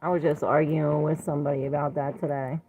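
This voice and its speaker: A woman's voice: deep voice, level tone, fast talker, warm tone, breathy edge, muffled recording. A woman giving a casual tarot reading to her viewers, rambling with many "it's like" and "you know", speaking fondly to them and dropping in Spanish endearments. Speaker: tarot reader.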